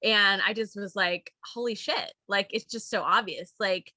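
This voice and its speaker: Bright, dry-sounding woman doing stand-up. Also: medium pitch, steady tone, moderate pace, no echo. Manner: rambling, laughing at own jokes, candid. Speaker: stand-up comic. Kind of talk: stand-up comedy set.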